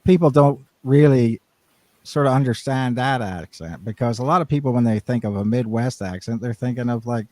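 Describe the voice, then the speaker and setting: A man's voice: mid-range voice, normal speed, a little mellow, no room sound. A man co-hosting a podcast, talking casually in long, rambling turns full of restarts. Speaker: podcast co-host. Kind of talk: casual chat.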